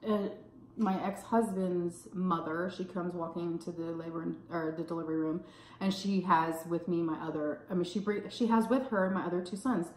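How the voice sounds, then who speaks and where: A woman in her thirties with a Texan accent, telling a story in casual vlog chat, animated and swearing freely. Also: normal speed, echoey room, slight background noise. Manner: animated, swears freely, acts out quotes in a high voice. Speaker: food vlogger telling a story. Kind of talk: casual storytime while eating.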